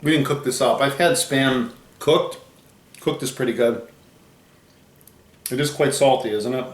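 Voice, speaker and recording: A man's voice: mid-range voice, a little slow, echoey room. A man hosting a food tasting video in casual chat, explaining facts he reads off the packaging. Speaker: host of a food challenge channel.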